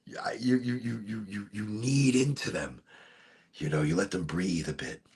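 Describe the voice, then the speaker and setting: A man hosting a casual smoke session, chatting in a rambling, relaxed way and often repeating himself. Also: fairly low pitch, normal speed, breathy edge. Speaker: host of a cannabis smoke session. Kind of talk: casual chat.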